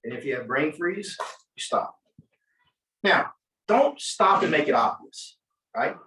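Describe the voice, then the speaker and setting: A man who is an attorney, coaching a class on mock trial in an animated way, acting out courtroom exchanges. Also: fairly high pitch, measured pace, slight background noise. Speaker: attorney, guest speaker. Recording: echoey room, mic from far off.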